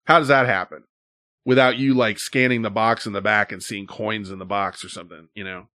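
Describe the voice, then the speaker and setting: A man's voice: on the low side, steady tone, a little fast, pushed and bright, dry recording, studio quality. A man in casual conversation, telling a long, exasperated story that wanders and swears freely. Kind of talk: casual chat.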